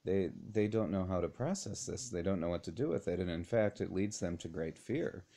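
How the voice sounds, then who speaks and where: A man giving an informal Bible lesson in a conversational way, chuckling often and pausing with fillers and restarts. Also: deep voice, warm tone. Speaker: Bible study teacher.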